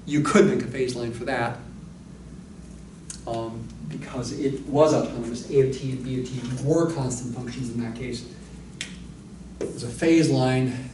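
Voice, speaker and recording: A man's voice: medium pitch, a little mellow, recorded from a distance, slight background noise. A man lecturing on mathematics, explaining step by step and thinking aloud with asides. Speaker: math lecturer. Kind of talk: recorded university lecture. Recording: echoey room, voice a little off-mic.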